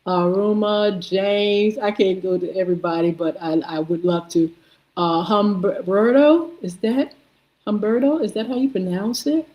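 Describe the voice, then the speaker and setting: A woman hosting a live morning stream, slowly reading out and greeting viewers by name, sounding out names as she goes. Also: on the low side, highs cut off. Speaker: host. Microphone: streaming setup.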